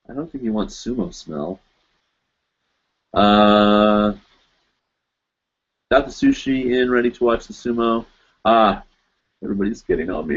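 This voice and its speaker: A man's voice: medium pitch, moderate pace. Rambling lo-fi livestream host, man. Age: adult, teaches in Japan. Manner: rambling, laughs often, many fillers. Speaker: host of a live web show. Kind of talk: casual live-stream chat reading comments.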